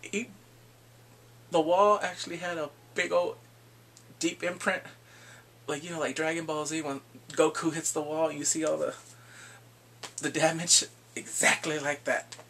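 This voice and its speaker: Gravelly man with animated recaps. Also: a little high, measured pace, long pauses. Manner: animated, laughs often, acts out scenes. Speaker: drama reviewer. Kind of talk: casual plot recap.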